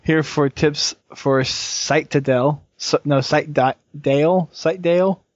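A man's voice: on the high side, unhurried, dry recording, muffled recording. A man co-hosting a casual gaming podcast, moving the show along and reading listener submissions aloud. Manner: keeps the show moving, reads submissions, laughs easily. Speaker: podcast co-host.

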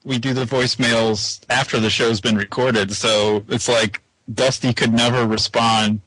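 Male co-host, hesitant and dry-sounding, relaxed chatter. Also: mid-range voice, unhurried, no echo, rough recording. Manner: hesitant, restarts often. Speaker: podcast co-host. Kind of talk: casual group chat.

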